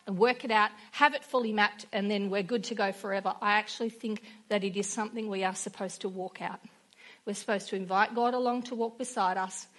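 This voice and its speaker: A woman's voice: fairly high pitch, steady tone, brisk, fairly bright tone. A woman preaching a sermon in an earnest way, weaving in personal stories.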